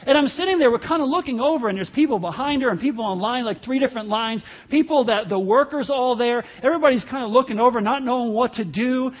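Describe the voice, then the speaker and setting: A man preaching a sermon as pastor, telling a personal story in a halting way, dropping to quiet asides and rising to loud emphasis. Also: extremely high pitch, husky, dull audio. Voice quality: halting, self-interrupting delivery with laughs.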